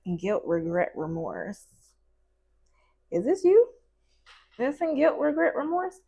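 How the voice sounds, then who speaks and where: A woman's voice: sits high, sing-song, takes it slowly, gravelly, dark tone, slightly rough, dull audio. Chatty playful woman tarot reader. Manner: chatty and playful, with slang and asides to spirit; acts out little quoted voices in between. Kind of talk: casual tarot reading.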